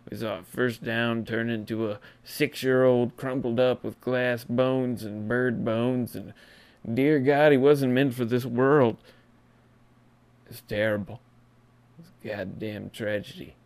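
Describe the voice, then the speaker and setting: A man in his thirties doing a comedic sports rant as a podcast segment host, swinging between shouts and hushed lines. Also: medium pitch, clear, resonant tone. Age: 30s.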